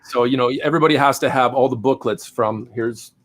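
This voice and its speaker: A man's voice: medium pitch, fairly quick, a bit bright. A man in casual chat over a video call, joking and playing the showman as he shows off collectibles. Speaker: guest musician and collector.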